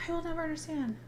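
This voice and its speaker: A woman's voice: sits high, background noise. A woman in her thirties co-hosting a podcast, talking casually and animatedly with frequent laughter. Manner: animated, laughing, self-described passive aggressive. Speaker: podcast co-host. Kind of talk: casual chat.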